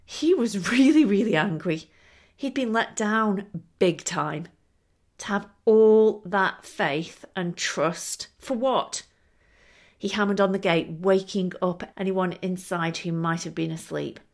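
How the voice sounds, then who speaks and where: A woman's voice: mid-range voice, slow pace. A woman hosting a storytelling podcast, narrating expressively and laughing now and then. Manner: lively, expressive, laughing between lines. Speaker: storyteller and show host.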